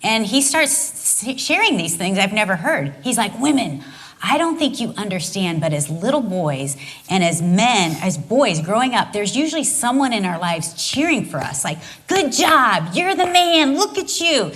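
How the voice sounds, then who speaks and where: A woman's voice: medium pitch, moderate pace. A middle-aged woman teaching on marriage beside her husband, telling a story and acting out the voices in it. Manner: expressive storyteller, acts out voices. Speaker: co-teacher, pastor's wife.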